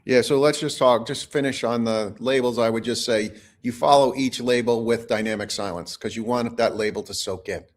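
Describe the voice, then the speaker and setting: A man, a negotiation expert guest, explaining techniques in a measured, instructive way during an interview. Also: mid-range voice, steady tone. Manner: measured, instructive, teaches in short points.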